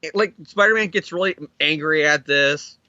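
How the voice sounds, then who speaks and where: A man co-hosting a casual comic book chat, excitedly acting out characters as he recaps the story. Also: on the high side, moderate pace, no echo, dull audio. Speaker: podcast co-host.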